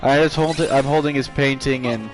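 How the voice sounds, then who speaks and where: A man's voice: mid-range voice, steady tone, normal speed. Rambling male streamer over game music. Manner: rambling, frequent restarts and fillers. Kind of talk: casual storytelling chat. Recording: game music playing behind. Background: video game music.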